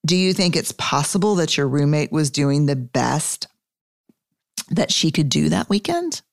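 A woman voicing a calm, gentle woman therapist who asks patient questions. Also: low-pitched, unhurried, vocal fry, dry recording, studio quality, heavily acted. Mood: calm probing.

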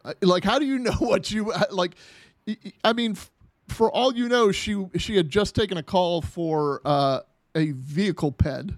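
A man's voice: high voice, normal speed, no echo. A man hosting a podcast in casual chat, rambling with many restarts and fillers. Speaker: podcast host.

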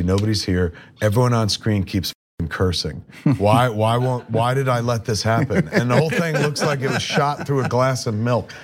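Man with a low voice, telling stories. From New Jersey. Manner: rambling, animated anecdotes with quoted dialogue. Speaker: podcast guest, filmmaker. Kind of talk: casual storytelling.

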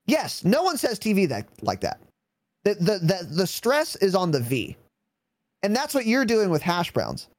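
A man's voice: high voice, wildly swooping pitch, unhurried, no echo. A man in his twenties co-hosting a podcast in casual chat, blunt, profane and teasing. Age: 20s. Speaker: podcast co-host.

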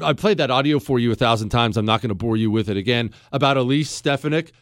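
A man hosting a radio talk show, telling a story and giving commentary in a lively, emphatic way with rhetorical questions. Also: on the high side, no echo, clean studio sound. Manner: animated, laughs at own stories, emphatic rhetorical questions. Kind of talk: casual on-air storytelling and commentary. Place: radio studio.

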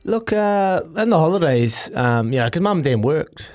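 Chatty kiwi radio host storyteller. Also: male voice, fairly high pitch, big pitch swings, normal speed, a little mellow. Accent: New Zealand. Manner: chatty storyteller, laughs often. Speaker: radio breakfast show co-host. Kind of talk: casual chat.

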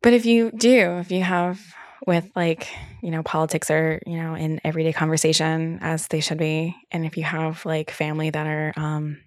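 A young adult woman hosts a solo podcast, speaking candidly and casually, swearing freely and using lots of fillers in a chatty way. Her voice sits low with a level tone and normal speed, recorded with studio quality and no echo.

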